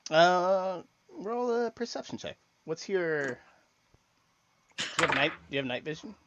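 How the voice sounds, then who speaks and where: A man running a tabletop game as game master, talking haltingly with many fillers and restarts. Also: sits high, expressive, fairly bright tone.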